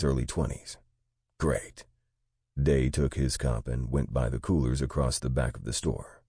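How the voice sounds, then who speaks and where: A man narrating an audiobook in a steady, matter-of-fact way. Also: a bass voice, husky, dry recording, studio quality.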